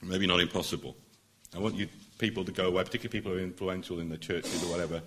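A middle-aged man, a barrister, addressing a public meeting in an earnest, emphatic way that builds to forceful points. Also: low-pitched, fairly even intonation, racing, a little hiss or hum. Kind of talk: public speech.

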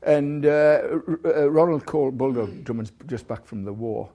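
A man's voice: mid-range voice, normal speed, dark tone. A man giving a rambling university lecture, full of restarts, stumbles and asides.

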